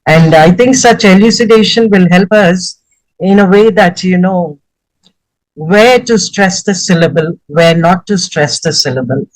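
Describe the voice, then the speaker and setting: A man's voice: high voice, a little slow, dry recording, poor audio. Effusive man giving formal praise. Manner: effusive, elaborate formal wording. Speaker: session participant giving feedback. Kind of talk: formal spoken review.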